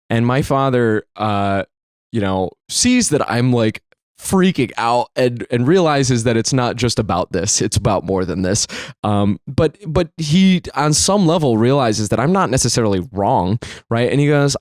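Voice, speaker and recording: A young man tells a personal story in a dry, close-miked recording. His middle-pitched voice swings between low, muttered asides and sudden exasperated leaps. He swears freely as he goes. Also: unhurried, no room sound. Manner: animated, swears freely, jumps high when exasperated. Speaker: storyteller host.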